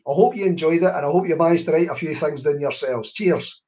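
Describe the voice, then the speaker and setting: A Scottish man reading his poems aloud slowly and rhythmically, then talking to children in a workshop over a video call. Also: fairly high pitch, slight background noise. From Scotland. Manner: slow, rhythmic verse delivery with animated rises. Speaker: poet leading a children's writing workshop. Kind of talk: poetry reading and talk to children.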